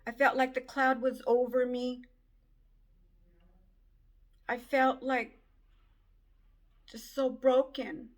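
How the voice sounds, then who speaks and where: A woman giving an emotional personal testimony, speaking in a halting, tearful way. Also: high-pitched, level tone. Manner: slow, halting, tearful storytelling.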